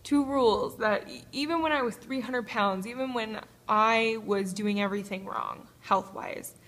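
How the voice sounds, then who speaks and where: Woman, tearful, halting, nervous laughs, confessional vlog, phone held close, small gym. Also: a little high, a bit bright. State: tearful, crying. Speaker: vlogger. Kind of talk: emotional personal video diary. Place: small apartment-complex gym, indoors. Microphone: phone held to the face.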